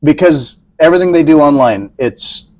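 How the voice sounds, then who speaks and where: A man's voice: a little high, expressive, moderate pace, dark tone. A man co-hosting a casual podcast who meanders through his points, stopping and restarting often. His voice sits slightly above the usual range for a man. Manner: rambling, hesitant, frequent fillers and restarts. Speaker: podcast co-host. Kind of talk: casual chat.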